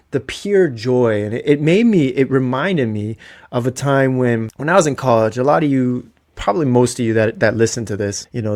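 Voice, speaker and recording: Podcast host, 30s, Canadian accent, loose excitable storyteller, mid voice. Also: male voice, medium pitch. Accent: Canadian English. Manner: rambling, excitable, swears freely. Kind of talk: casual solo podcast storytelling.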